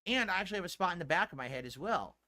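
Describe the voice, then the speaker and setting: A man's voice: high voice, animated, rapid-fire, a crowd in the background. A middle-aged man talking casually on a livestream, defensive and ranting, swearing often. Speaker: streamer in a played clip. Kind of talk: casual stream talk.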